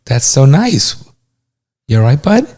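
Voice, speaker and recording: A middle-aged man co-hosting a podcast in casual, relaxed chat, swearing freely. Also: medium pitch, a little slow. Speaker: podcast co-host, father.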